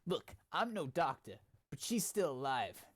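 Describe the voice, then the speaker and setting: A man voicing a cold, scheming male crime planner in a flat, matter-of-fact read. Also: fairly high pitch, a little slow. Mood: curt.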